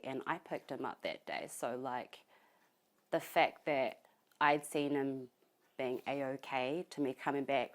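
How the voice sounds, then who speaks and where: A young woman, grieving and giving an interview at her family home, speaking softly and haltingly with many pauses. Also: rumbling low. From New Zealand. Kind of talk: emotional interview testimony.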